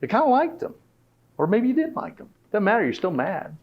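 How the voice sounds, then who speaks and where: A middle-aged man talks through a health seminar in a casual, conversational way. He keeps checking in with rhetorical questions, his voice sitting a little high. The recording is dull and lo-fi. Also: wildly swooping pitch, fairly quick, husky. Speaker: health speaker. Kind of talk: health talk to a live audience.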